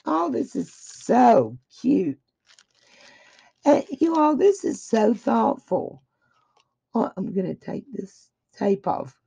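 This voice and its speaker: Woman, gravelly, husky, slightly dry throat, gushing unboxing chat, dull lo-fi audio. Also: medium pitch, mellow. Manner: gushing, effusive praise. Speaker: craft vlogger opening happy mail.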